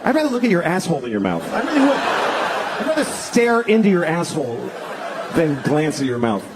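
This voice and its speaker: Performing stand-up at a comedy club, a man with a slightly high, very animated voice tells conversational, exasperated stories at a brisk clip, voicing the characters himself. A loud, laughing crowd creates heavy background noise in the live recording.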